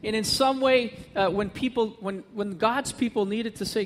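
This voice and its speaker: A male pastor delivering a sermon with a notably high, light voice, earnest and repeating his points for emphasis. His voice carries a long reverb from a large church hall, with a faint hiss of noise behind it. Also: normal speed. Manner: earnest, builds to emphatic repetition.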